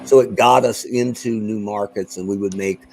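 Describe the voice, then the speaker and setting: A man's voice: on the low side, normal speed, gravelly, a little hiss or hum, low-quality recording. A middle-aged man, a guest on a podcast, chatting casually and acting out the exchanges he tells about. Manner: animated storyteller, acts out quoted exchanges.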